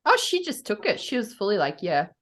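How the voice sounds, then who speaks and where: A woman from a Commonwealth country co-hosting a podcast in casual chat, giggly and animated, often slipping into playful voices. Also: on the high side, a little fast. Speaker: podcast co-host.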